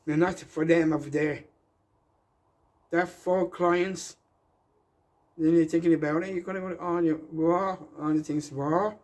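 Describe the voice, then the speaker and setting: A man's voice: on the high side, fairly even intonation, unhurried, pauses often, a little mellow. A man giving a rambling, defiant public rant, emphatic and repeating himself.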